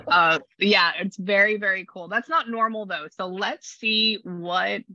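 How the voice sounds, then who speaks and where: Bright-voiced animated woman medium. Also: medium pitch, unhurried, no echo, dull audio. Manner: animated, rambling, exclamatory. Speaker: psychic medium. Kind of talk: casual reading session.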